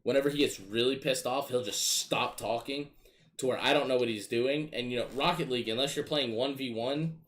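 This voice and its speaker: A man casually telling gaming stories in a profane, animated, exasperated way. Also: medium pitch, fairly quick. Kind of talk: casual storytelling chat.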